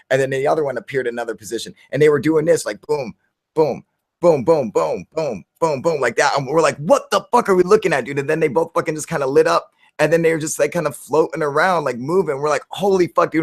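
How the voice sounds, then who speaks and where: A man hosting a casual live chat, excitable and profane, calling everyone dude as he tells a story. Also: mid-range voice, dry recording, studio quality. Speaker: channel host on a livestream.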